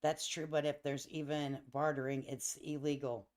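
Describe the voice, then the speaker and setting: A middle-aged woman hosting a livestream, telling stories in casual chat, laughing often, and talking lively and emphatically to her viewers. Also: low voice, moderate pace. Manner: laughs often, lively and emphatic, addresses listeners as honey and baby. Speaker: livestream host.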